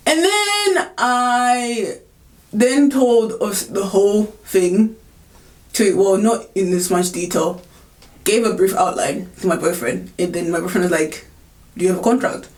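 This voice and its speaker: A young woman telling a storytime vlog, animated and indignant, with filler chatter and swearing. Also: medium pitch, unhurried. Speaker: vlogger. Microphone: camera on tripod.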